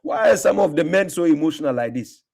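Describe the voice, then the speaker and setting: A man's voice: fairly high pitch, expressive, fast, creaky, darkish tone. Combative male streamer. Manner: combative, mocking, repeats himself for emphasis. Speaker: livestream host answering comments. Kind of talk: casual livestream talk.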